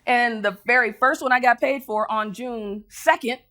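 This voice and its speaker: A woman delivers a motivational speech from a conference stage, telling her story with lively energy. Her voice sits a bit high and sounds bright and forceful, and she jumps into other people's voices to act out the scenes. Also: moderate pace. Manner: animated storytelling, acting out voices, laughing. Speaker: motivational speaker.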